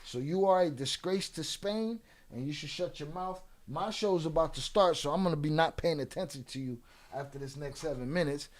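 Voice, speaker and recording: Taunting male livestream host, fairly high. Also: moderate pace, hardly any pauses. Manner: taunting, trash-talking chat trolls; drawling, streetwise slang. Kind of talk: live-stream chat with viewers.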